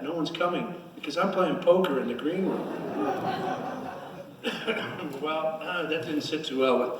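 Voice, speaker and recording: A man tells rambling, self-mocking stories at a fan Q&A, restarting his sentences as he goes. His voice is bright and a little high for a man. He is heard from a distance in a very echoey hall with faint noise behind him. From Connecticut, USA. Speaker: guest actor at a fan Q&A. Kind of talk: casual storytelling on stage. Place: convention hall stage.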